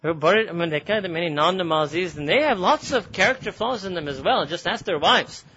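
Male Quran teacher, rapid, animated and laughing, high and bright voice, lo-fi lecture recording. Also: slightly rough. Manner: animated, laughs often, switches between English and Urdu. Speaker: religious teacher.

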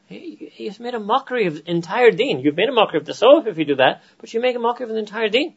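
A man's voice: high voice, rapid-fire, gravelly, hardly any pauses, slightly rough, muffled recording. Man with an American accent lecturing. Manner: animated, asks rhetorical "right?" often, slips into Urdu phrases. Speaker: Islamic teacher. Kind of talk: religious lecture to a gathering.

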